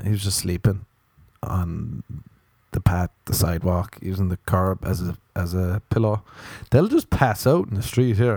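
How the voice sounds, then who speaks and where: Gravelly-voiced man rambling crude jokes. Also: on the low side, a little mellow, dry recording. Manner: rambling, crude, self-mocking. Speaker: podcast host. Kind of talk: solo comedic monologue.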